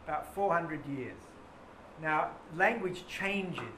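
A male English teacher leading a lively classroom lesson on a poem, questioning his students and reading verse slowly. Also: a little high. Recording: echoey classroom with faint noise.

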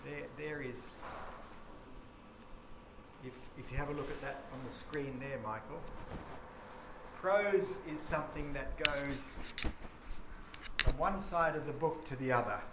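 A man's voice: mid-range voice, measured pace, pauses often. A man giving a classroom lecture, explaining patiently and chanting rhythms aloud. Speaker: teacher. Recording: echoey classroom with background noise.

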